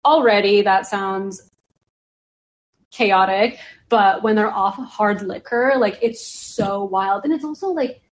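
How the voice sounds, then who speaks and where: Woman, podcast chat, casual, chatty, says "like" a lot, mid-pitched voice. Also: takes it slowly. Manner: rambling, heavy use of "like". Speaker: podcast guest or host.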